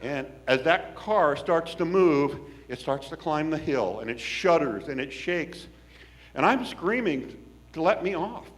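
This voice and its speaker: Male storyteller, from the Pacific Northwest; wry, folksy, very animated delivery with a slightly raised pitch. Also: a little slow. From Washington State, US. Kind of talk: personal storytelling.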